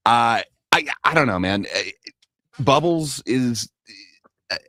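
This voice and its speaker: A man leads a casual panel chat at a mid pitch, stumbling over fillers and restarts while gushing about his picks. His voice sounds dry and close, with almost no room around it. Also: expressive, takes it slowly, bright, forceful tone, dry recording. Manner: hesitant, many fillers and restarts; enthusiastic, swears casually.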